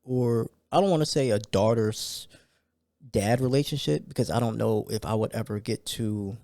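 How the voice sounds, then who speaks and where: A man hosting a solo podcast in a loose, conversational way, full of fillers and sudden excited rants. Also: fairly low pitch, normal speed, no echo, studio quality. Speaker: podcast host. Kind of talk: casual solo podcast talk.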